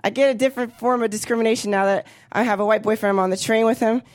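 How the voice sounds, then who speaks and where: Woman, 30s, stand-up comic; high voice, brash, profane delivery. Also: fairly even intonation, very fast, a little mellow. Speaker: stand-up comedian. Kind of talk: stand-up comedy set.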